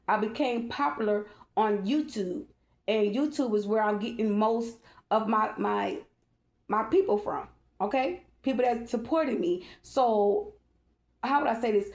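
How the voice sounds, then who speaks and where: A woman who reads tarot and vlogs speaks emotionally and at length to her followers, emphatic and rambling, calling out to her listeners over and over. Her voice is on the high side, a little slow and slightly mellow, in an echoey room.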